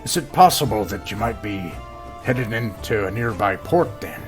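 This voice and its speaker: Low-voiced guy playing at the table, polite questions, fiddle music in the background. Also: animated, normal speed. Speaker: player. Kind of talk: casual in-character play.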